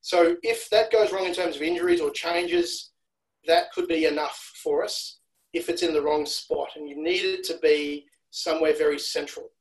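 A man's voice: on the high side, moderate pace, poor audio. A man from Australia talking as a rugby analyst guest on a podcast, explaining at length and repeating words as he restarts. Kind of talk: casual podcast chat.

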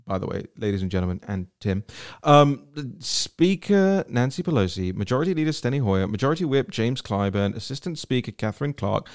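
A man hosting a casual political podcast. He talks in an animated, joking way and speeds up in rapid bursts. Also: medium pitch, clear, resonant tone. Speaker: podcast host.

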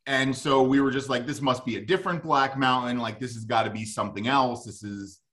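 A man talking in a relaxed, rambling way on a local radio food show. His voice sits in an ordinary middle pitch, and he wanders through his stories with plenty of fillers. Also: a little fast. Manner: rambling, easygoing, lots of fillers. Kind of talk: casual radio chat.

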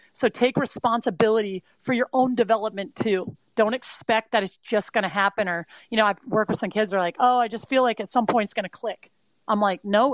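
A middle-aged Californian woman speaks at medium pitch as an interview guest, offering earnest, emphatic mindset advice to athletes and leaning heavily on "you know." She works as a mindset and performance adviser, and the motivational talk comes through on a low-quality recording with no echo.

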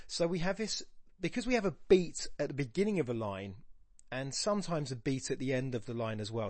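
A man who hosts a podcast and teaches, analysing a poem aloud, musing and stopping himself mid-thought and reading quoted verse slowly. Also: medium pitch, darkish tone, no echo. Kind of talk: thinking-aloud poetry analysis.

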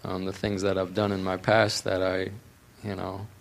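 A man in a personal conversation, speaking haltingly and searching for words. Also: sits low, completely flat delivery, creaky.

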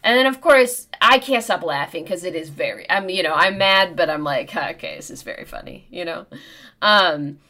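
A woman in her thirties co-hosting a podcast, telling a comic story in an animated, profane way. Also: on the low side, moderate pace. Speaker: podcast co-host. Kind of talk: casual storytelling chat.

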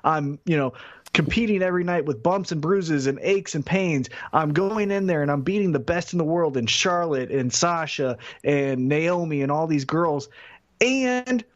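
A man co-hosting a casual wrestling podcast, speaking in a measured, deliberate way. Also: on the high side, expressive. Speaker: podcast co-host. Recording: dull lo-fi audio.

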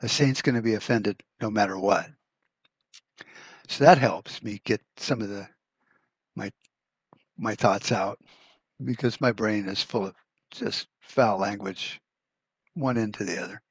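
Casting: low, husky man, profane rambling podcast host, dry close mic. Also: a little slow, pauses often, no echo. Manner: blunt, profane, rambling with restarts. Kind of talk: casual rant podcast.

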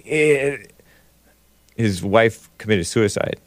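Male call-in host, animated pitch, dry close sound, jokey and teasing. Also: slow, dry recording. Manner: laughing often, joking, teasing. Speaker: radio show host. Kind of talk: casual call-in talk.

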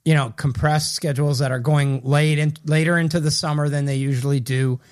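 A man's voice: on the high side, fairly even intonation, fairly quick. Rambling man on a podcast. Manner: rambling, self-correcting, loose. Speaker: podcast co-host, hockey writer. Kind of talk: casual podcast chat.

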